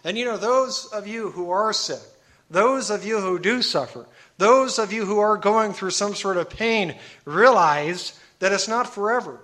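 Male preacher, high voice, earnest and emphatic, reads scripture deliberately. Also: bright, forceful tone. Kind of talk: sermon.

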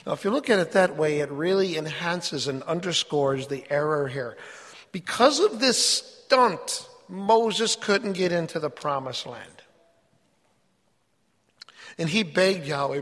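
Preacher: man with a fairly high voice, earnest and emphatic sermon delivery, long hall reverb. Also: animated, measured pace, fairly bright tone. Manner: earnest, emphatic, reads scripture aloud.

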